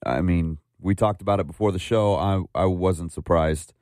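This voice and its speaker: Deep-voiced wry sports radio co-host. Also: male voice, fairly even intonation, normal speed, a little mellow, no echo, studio quality. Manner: wry, blunt. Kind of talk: casual sports radio chat. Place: radio studio.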